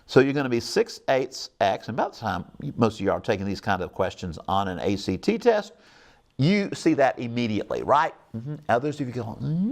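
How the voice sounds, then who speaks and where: Upbeat man teaching math, gravelly voice. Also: medium pitch. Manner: upbeat, coaxing, checks in with viewers often. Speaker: math teacher hosting a call-in show. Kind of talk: televised math lesson.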